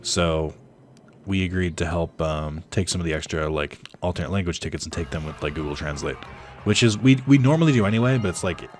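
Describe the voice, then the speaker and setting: A man's voice: low voice, a little fast, a little mellow, faint music behind. A man telling a casual, rambling story over his gameplay as a YouTuber, full of fillers and chuckles. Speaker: gaming YouTuber.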